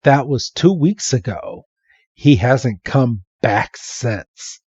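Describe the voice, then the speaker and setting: A man voicing a grave, worried old man in a slow, solemn way. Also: medium pitch, lively intonation, a little mellow, husky, no echo, highs cut off.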